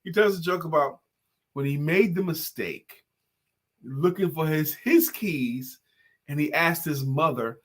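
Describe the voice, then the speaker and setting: A man co-hosting a talk show, chatting casually and telling animated stories. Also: on the high side, measured pace. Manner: animated storyteller, acts out voices in jokes and stories. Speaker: podcast co-host. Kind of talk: casual chat with storytelling.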